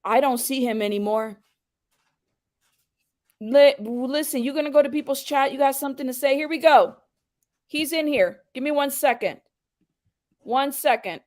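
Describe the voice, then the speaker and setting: A high-pitched woman hosts a live commentary stream, heated and confrontational as she calls out a viewer in her chat. She talks straight at the audience in a casual, blunt way. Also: normal speed, pauses often. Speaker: livestream host.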